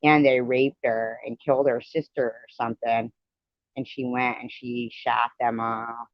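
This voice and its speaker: A woman's voice: rumbling low, flat delivery, measured pace, dry recording. Chatty woman streamer, meandering talk, muffled phone-mic sound. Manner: rambling, chatty movie reminiscing. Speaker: live stream host. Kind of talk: casual chat.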